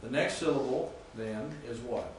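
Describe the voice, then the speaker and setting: A man teaching a classroom lesson, picked up from a distance in a very echoey room with faint background noise. He speaks haltingly, repeats words and keeps quizzing his students. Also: mid-range voice. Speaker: Greek teacher. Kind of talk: classroom lecture. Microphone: distant room mic.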